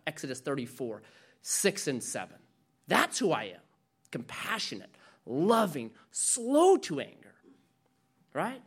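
Animated man preaching a sermon. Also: a little high, a little slow, pauses often, husky. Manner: animated preaching, acts out quoted voices. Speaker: pastor.

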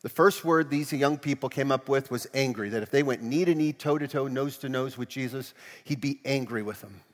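Animated preacher man in a reverberant church. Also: mid-range voice, brisk. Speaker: pastor. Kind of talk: sermon.

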